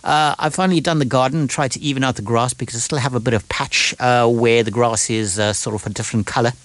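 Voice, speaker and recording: A man presenting a morning radio show from a studio, reading out listener shout-outs in a casual chatty way with frequent filler pauses. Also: medium pitch, fairly even intonation. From London. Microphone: studio microphone.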